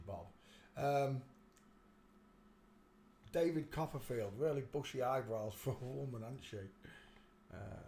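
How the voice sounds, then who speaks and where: A man hosting a casual livestream, rambling to himself as he browses pictures and turning loud and animated when he tells a story. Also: medium pitch, slight background noise. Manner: rambling, talks to himself while searching pictures; gets loud and animated telling stories. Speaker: livestream host. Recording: roomy echo with faint ambience.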